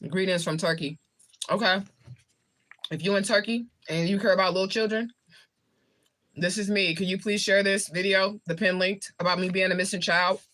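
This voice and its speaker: A medium-pitched, fairly bright voice belongs to a Southern US woman rambling loosely in casual chat on her livestream while eating. Her intonation is fairly even, her speed normal, and she pauses often.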